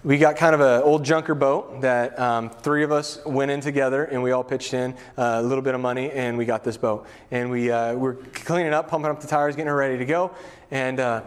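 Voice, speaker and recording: A man's voice: medium pitch, steady tone, fairly quick, clean tone. A middle-aged male pastor preaching a casual, conversational sermon, full of asides, fillers and family stories.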